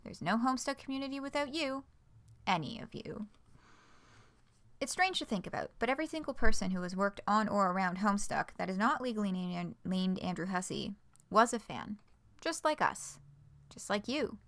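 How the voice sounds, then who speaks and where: A woman's voice: mid-range voice, animated, moderate pace, a bit bright. Playful woman streamer reading aloud. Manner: playful, dry asides, frequent laughs. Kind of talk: reading a fan project announcement aloud with asides.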